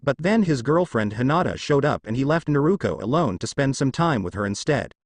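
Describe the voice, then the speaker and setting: A man's voice: mid-range voice, expressive, a little fast, dry recording. A man reading a fan fiction story aloud, casual, adding his own asides. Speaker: narrator.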